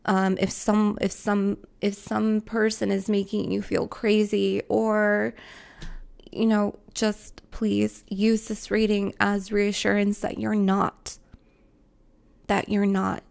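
A woman with a gravelly, creaky voice gives a heartfelt tarot reading straight to her viewers. She is emotional and close to tears, repeats herself for emphasis, and swears casually along the way. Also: medium pitch, monotone, slow, darkish tone. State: tearful, emotional. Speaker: tarot reader. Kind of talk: spiritual tarot reading to camera.

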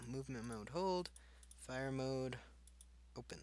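Bright-voiced young man narrating gameplay. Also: on the low side, a little slow. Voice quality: chatty, reacts aloud, laughs at himself. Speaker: gaming channel host. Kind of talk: casual gameplay commentary. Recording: faint game noise behind.

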